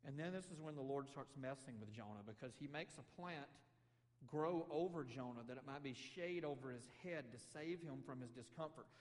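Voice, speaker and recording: A man preaching a sermon in a conversational, animated way, acting out quotes with rising emphasis. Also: medium pitch, fairly quick. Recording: long hall reverb.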